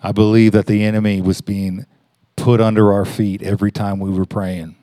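A man preaching in a conversational way, telling a story with halting restarts and rising emphasis. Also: on the low side, level tone, dark tone, dry recording, clean studio sound. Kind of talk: conversational sermon.

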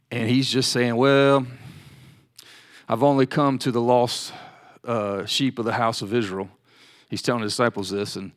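A man's voice: mid-range voice, fairly bright tone. A man preaching a sermon, building to emphatic declarations and acting out pleas in prayer. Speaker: pastor.

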